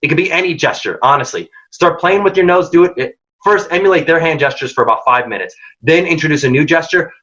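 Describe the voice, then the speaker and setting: A man's voice: a little high, quick pace, pushed and bright. Emphatic man giving career tips. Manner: direct, emphatic, acts out quoted dialogue. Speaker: workshop presenter. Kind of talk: career advice lecture. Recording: dull lo-fi audio.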